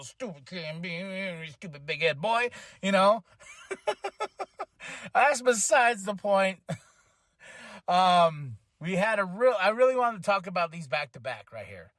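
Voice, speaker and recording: Excitable high-voiced man, dry sound. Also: no room sound. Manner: excitable, rambling, quick restarts and self-corrections; breaks into laughter and shouted exclamations. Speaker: wrestling podcast host. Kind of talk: casual solo podcast chat.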